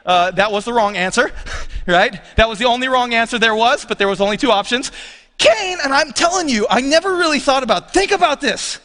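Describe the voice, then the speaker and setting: A pastor with a high, bright voice preaches to his congregation in a relaxed, conversational way, tossing questions out to the room. His voice swoops up and down freely, with a long reverb from the church hall around him. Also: a little fast. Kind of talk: sermon. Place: church sanctuary.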